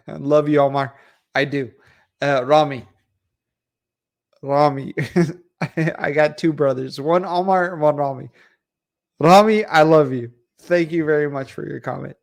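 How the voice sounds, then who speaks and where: Brief: male stream host, fairly high voice, blunt and profane, casual. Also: measured pace, pauses often. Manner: ranting, swears freely, laughs often. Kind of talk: casual livestream chat.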